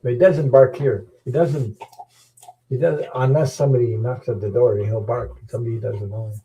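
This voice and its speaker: A man's voice: medium pitch, fairly even intonation, moderate pace, warm tone, a little hiss or hum, poor audio. A middle-aged man chatting casually as host of a live stream, rambling and chuckling, often repeating words. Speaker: tarot channel host. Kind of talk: casual chat.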